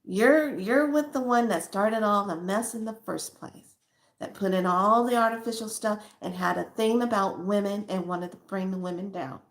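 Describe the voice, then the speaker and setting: A woman's voice: medium pitch, moderate pace. A woman hosting a spiritual channel, talking casually and emphatically to her viewers with a preachy edge and spontaneous asides. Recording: echoey room.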